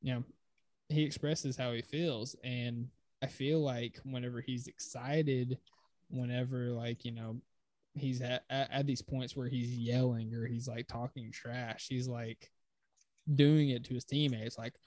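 A podcast co-host in a relaxed basketball chat speaks a little slowly at an ordinary middle pitch, recorded close and dry with no echo or room sound. Conversational, he steers the talk and recites statistics with ease.

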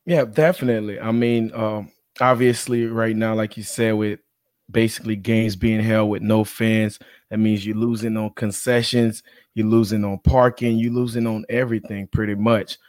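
A man appears as a sports agent guest on a podcast and explains things steadily. His voice is low and flat. The sound is dry. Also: normal speed, no echo. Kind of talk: podcast interview.

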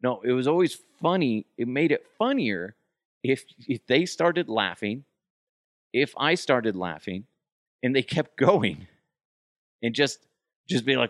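A man's voice: mid-range voice, expressive, no echo, clean studio sound. A man hosting a podcast, telling stories in a loose, profane, rambling way. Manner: loose, profane, rambling, with quick jumps into put-on voices. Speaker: podcast host. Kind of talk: casual storytelling chat.

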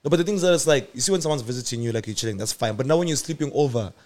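A young South African man co-hosts a relaxed podcast chat, cracking jokes and teasing his co-host. He talks at a brisk clip, his sentences tumbling out quickly in easy, playful banter. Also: medium pitch. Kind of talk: casual chat.

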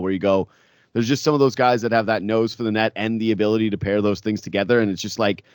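A man co-hosting a sports podcast, rambling and animated with many filler words in casual chat. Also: lowish voice, brisk, no echo, clean studio sound.

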